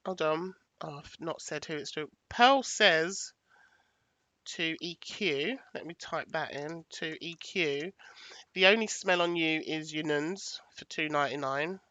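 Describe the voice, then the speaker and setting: A woman hosts a livestream in an easy, unhurried way, talking through her slides as she goes. Her voice is bright and forward. The sound is dry and close, with no room echo. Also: low-pitched. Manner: chatty, thanks viewers, thinks aloud while picking graphics. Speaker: livestream host. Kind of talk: casual livestream commentary.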